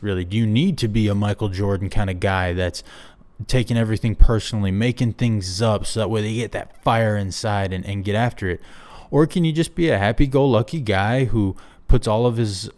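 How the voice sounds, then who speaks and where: A man's voice: on the low side, a little mellow. A man hosting his own show, musing aloud in a rambling, self-deprecating solo monologue. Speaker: show host.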